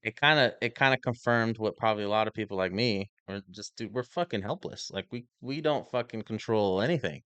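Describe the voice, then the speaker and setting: A man's voice: on the low side, a little fast, hardly any pauses, a bit bright, clean tone, no echo. A man co-hosting a podcast in casual chat, laid-back, swearing and laughing often. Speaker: podcast co-host.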